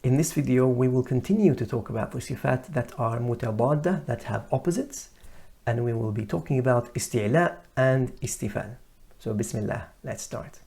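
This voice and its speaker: Male tajweed teacher, mellow and gravelly, calm lesson delivery with slow, emphatic letter demos. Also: medium pitch. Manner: sounds out letters loudly and slowly to contrast them. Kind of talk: recorded lesson.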